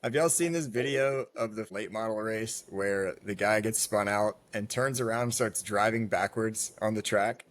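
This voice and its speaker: A man's voice: fairly low pitch, normal speed, few pauses. A man co-hosting a racing podcast, chatty and telling stories in casual chat. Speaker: podcast co-host.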